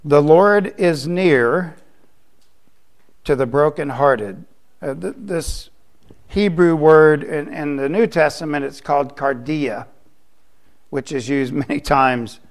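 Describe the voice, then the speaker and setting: A middle-aged man delivers a sermon from the pulpit. He speaks slowly and with deliberate emphasis, his voice set somewhat high, and he circles back to the same phrases to drive them home. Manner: slow, emphatic preaching with repeated phrases. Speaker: pastor.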